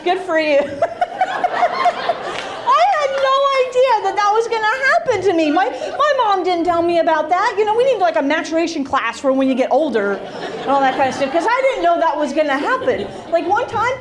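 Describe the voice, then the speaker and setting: On a comedy club stage, a middle-aged woman with a very high-pitched, very animated voice works the crowd at a brisk pace, brash and self-mocking and often laughing. Heavy noise from the loud live audience, laughter and chatter, fills the background.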